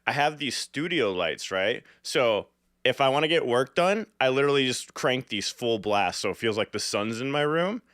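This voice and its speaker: A man's voice: medium pitch, animated, moderate pace, fairly bright tone, dry recording. A man hosting a casual livestream interview from his home studio, laughing often and rambling playfully. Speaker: podcast host. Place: home studio under bright lights.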